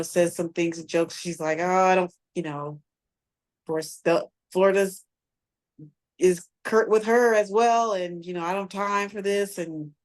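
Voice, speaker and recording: A woman co-hosting a podcast, casually retelling a TV episode in a rambling way with lots of fillers and restarts. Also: lowish voice. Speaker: podcast co-host. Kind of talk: casual recap chat.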